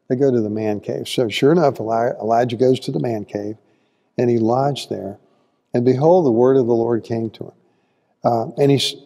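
Man, folksy Bible class teacher, mellow voice, asks the room questions, long hall reverb. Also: mid-range voice, vocal fry. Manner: folksy, asks the audience questions, acts out quotes. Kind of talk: conversational Bible lesson. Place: church hall.

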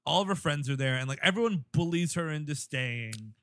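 Comedy podcast co-host, male, high and bright voice, dry close mic, loose storyteller. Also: a little fast, dry recording. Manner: animated storyteller acting out scenes. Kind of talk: casual comedic chat.

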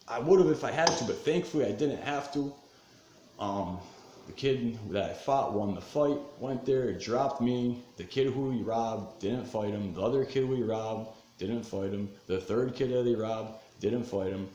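A man in his thirties telling a rough personal story in a casual, profane way, getting heated and then calming down, recorded at home in his living room. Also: fairly low pitch, normal speed. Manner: profane, animated, swings between fired-up and subdued. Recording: roomy echo, faint background noise.

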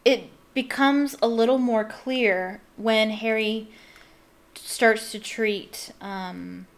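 A woman's voice: fairly high pitch, very slow. A woman reading aloud and chatting casually about a book, enthusiastic and rambling with lots of fillers. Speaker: book reader and fan commentator.

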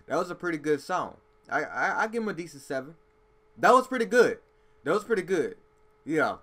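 A man with a fairly high, bright voice talks through a music reaction. His delivery swings up and down a lot and stays emphatic, full of slang and a steady "bro" between thoughts. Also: a little fast. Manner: animated, emphatic street slang, says "bro" often. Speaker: music reaction video host. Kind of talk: casual reaction commentary.

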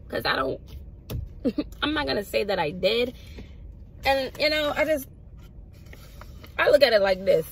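A young woman vlogger telling a casual storytime, animated and slangy, swinging her pitch up for emphasis. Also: moderate pace, long pauses, breathy edge, poor audio.

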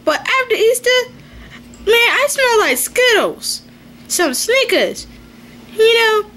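A woman voicing a chatty, girly female Easter egg who talks in excited, gushing bursts. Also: extremely high pitch, slow pace, full character voice. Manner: gushing, excitable girlfriend talk.

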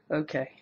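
In a lo-fi recording with a bit of background noise, a mellow-voiced woman runs through a casual cooking demo in her kitchen at home. She's a cooking vlogger who rambles, laughs often, and makes self-deprecating jokes to the camera, which starts on the counter and is later held in hand.

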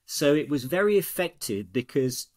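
A man's voice: on the high side, moderate pace. Man telling stories animatedly. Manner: animated, acts out quoted dialogue. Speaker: guest, storytelling coach. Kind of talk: conversational podcast storytelling.

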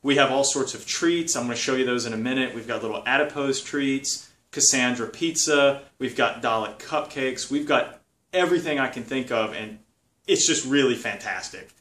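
A man hosting a casual home vlog, enthusiastic and excitable, talking in his dining room during a party. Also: mid-range voice, moderate pace. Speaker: video host. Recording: roomy sound from a distance.

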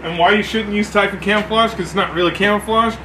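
A man telling a profane story about boot camp among coworkers, acting out shouts as he goes. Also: high voice, quick pace, roomy sound, noisy background. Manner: animated, swearing, acts out shouts. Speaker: former Marine telling a story.

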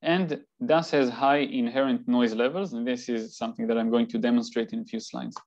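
A man delivers a slide lecture in a calm, explanatory way, pausing now and then on fillers. His voice sits at an ordinary middle pitch. The recording is a little dull and lo-fi. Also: slight background noise. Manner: measured, explanatory, occasional fillers. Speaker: seismology lecturer. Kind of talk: academic talk with slides.

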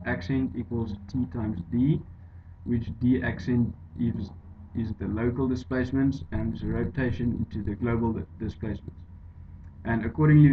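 A man explaining an engineering derivation over slides in a halting way, with many fillers and restarts. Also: mid-range voice. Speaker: engineering tutor. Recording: dull lo-fi voice-over with faint hiss.

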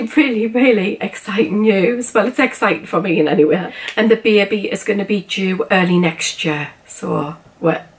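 A middle-aged British woman chatting casually to camera in a home vlog, gushing and rambling with lots of fillers. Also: mid-range voice. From United Kingdom. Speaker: vlogger. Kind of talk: casual haul vlog chat. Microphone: camera on a tripod, then handheld.

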